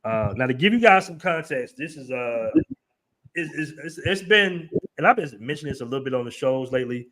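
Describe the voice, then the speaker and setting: A man's voice: medium pitch, lively intonation, fairly quick, fairly bright tone. A man hosting a live show, chatting casually in a loose, rambling, emphatic way. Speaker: host.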